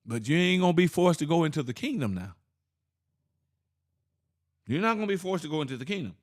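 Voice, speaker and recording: A man with teaching scripture informally, asking rhetorical questions, laughing and reading verses slowly. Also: fairly high pitch, very animated. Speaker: Bible teacher.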